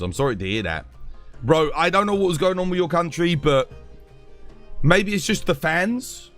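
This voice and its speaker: A man's voice: on the high side, animated, normal speed, long pauses, a bit bright, faint music behind. A man from England with a London accent, chatting casually with viewers on a game stream in an emphatic, rambling way, often restarting his sentences. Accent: London English.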